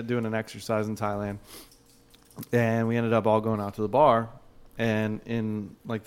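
A man's voice: on the low side, smooth. A man in his thirties on a podcast, telling a crude story in casual chat, swearing freely and laughing between lines. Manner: profane, laughing often, loud when excited.

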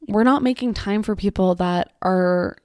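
A woman's voice: mid-range voice, measured pace, darkish tone, dry recording, clean studio sound. A young woman hosting her own podcast, chatting casually and ranting about pet peeves, swearing and saying "like" a lot. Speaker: podcast host. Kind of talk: casual solo podcast chat.

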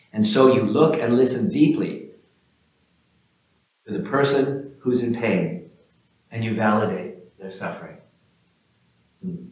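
A man teaching an informal spiritual talk in a gentle, musing way, speaking to listeners by name. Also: fairly low pitch, very echoey, rough recording.

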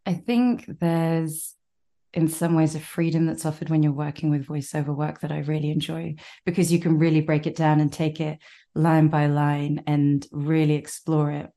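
A woman's voice: sits low, little pitch movement, moderate pace, mellow. A woman with a posh British accent, a guest actor chatting in an interview and laughing often as she talks. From Britain. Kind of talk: casual interview chat.

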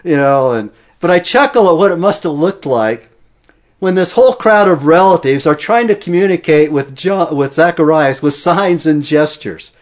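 A man's voice: fairly high pitch, lively intonation, normal speed. A man preaching an expository sermon, explaining a passage earnestly and stressing key words.

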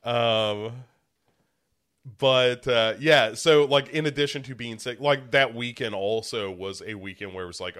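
A young man co-hosting a podcast chats casually with a bit of congestion, rambling, restarting often and joking at his own expense. He speaks unhurriedly at a medium pitch, his tone steady, fairly bright, clear and resonant.

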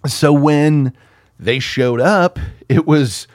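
A man from the United States co-hosting a casual film podcast, talking in a profane, animated way. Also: fairly high pitch, very slow, no room sound, clean studio sound. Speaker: podcast co-host.

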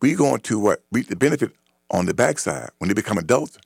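A man's voice: fairly low pitch, sing-song, fast, gravelly, a little mellow, slightly rough, no echo, clean studio sound. A man hosting a radio talk show, delivering an emphatic, repetitive opinion monologue.

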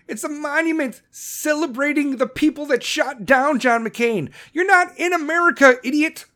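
A man hosting a podcast, ranting angrily and swearing constantly, with shouted bursts, then reading sponsor ads in the same blunt, profane way. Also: very high-pitched, moderate pace. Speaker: podcast host. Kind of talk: profane political rant and ad read.

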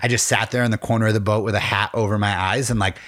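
A man's voice: on the low side, fairly even intonation, fast talker, fairly bright tone. A man co-hosting a podcast, chatting casually, teasing his friend and swearing freely. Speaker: podcast co-host. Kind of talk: casual chat.

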